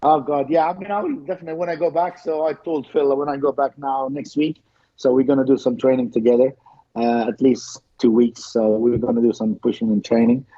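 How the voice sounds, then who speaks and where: A man speaks as a guest over a remote call, with a very dark, mellow tone and a husky edge. He talks casually and tells stories animatedly, often repeating words. The call audio sounds dull and lo-fi. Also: medium pitch, little pitch movement, brisk. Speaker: guest bodybuilder. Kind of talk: casual interview chat.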